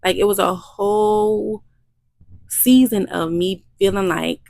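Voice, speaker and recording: A woman's voice: medium pitch, fairly even intonation, slow pace, gravelly, a little mellow, no room sound. A woman, a midwife hosting her vlog, talking in an emotional, repetitive, faith-filled way. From Louisiana. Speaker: midwife and channel host. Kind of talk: heartfelt vlog testimony.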